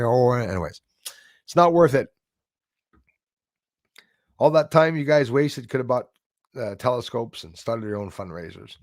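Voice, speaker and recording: A man's voice: medium pitch, dry recording, clean studio sound. A man hosting a live stream, chatting casually and jokingly with viewers, rambling with many fillers and restarts. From Canada.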